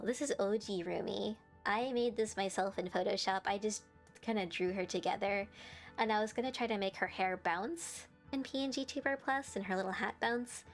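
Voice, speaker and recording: A young woman streamer, bubbly and giggly, chatting and playfully teasing her viewers on a live stream. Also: mid-range voice.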